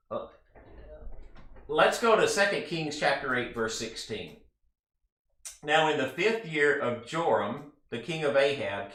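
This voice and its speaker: A man's voice: mid-range voice, a bit bright. Chatty man teaching Bible study, echoey room. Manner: earnest, chatty, quick asides to listeners. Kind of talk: conversational Bible study lesson.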